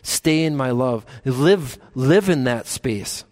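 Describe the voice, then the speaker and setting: A man pastor preaching a sermon in a church, earnest, climbing to emphatic peaks and slowing down on key phrases. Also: mid-range voice, expressive, darkish tone.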